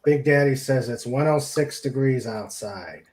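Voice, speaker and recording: A man's voice: medium pitch, a little slow, over a noisy crowd. A man hosting a casual live stream, reading chat messages aloud and chuckling along with guests. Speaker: stream host.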